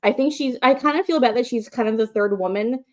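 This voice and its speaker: Chatty excited woman co-host. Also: a little high, a little fast. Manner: excited and chatty, many fillers, swears. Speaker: co-host of a wrestling call-in show. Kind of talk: casual chat. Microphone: livestream microphone.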